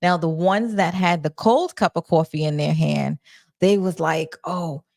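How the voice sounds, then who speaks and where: A woman with a somewhat low voice hosts a casual livestream. She rambles through stories with plenty of fillers and talks straight to her viewers. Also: moderate pace, gravelly, a little mellow. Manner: flustered while managing chat. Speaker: livestream host.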